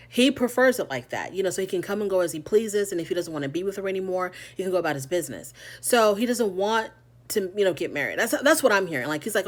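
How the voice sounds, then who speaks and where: A woman hosting a casual reality TV recap, chatty and retelling scenes in quick quoted voices with many fillers. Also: on the low side, expressive.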